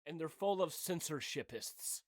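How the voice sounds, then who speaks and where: A middle-aged man delivers a heated opinion rant for his channel, swearing freely and talking bluntly. His voice sits on the higher side and he takes his time with the words. The sound is dry and close. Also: animated, unhurried, dry recording. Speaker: channel host.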